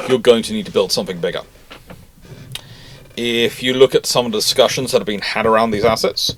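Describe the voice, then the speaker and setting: A man's voice: lowish voice, dry recording. A man hosting a history channel, chatting casually and correcting himself as he reads out viewer comments. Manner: rambling, self-correcting, chatty.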